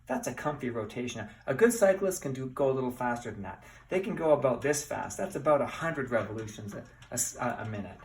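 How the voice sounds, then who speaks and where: A middle-aged man teaches with a bike demo, talking fast with lively intonation and hardly any pauses in a medium, darkish voice. He's chatty and playful, asking the class questions, recorded from afar in an echoey room with bikes.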